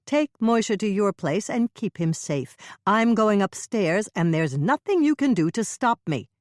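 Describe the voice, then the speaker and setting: A woman reading the lines of a determined, forceful amateur sleuth in an audiobook. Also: mid-range voice, lively intonation, a little slow, no echo, studio quality, pitched above the performer's own voice, lightly acted. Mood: insistent. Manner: forceful and urgent. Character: determined woman baker, sharp-tongued sleuth.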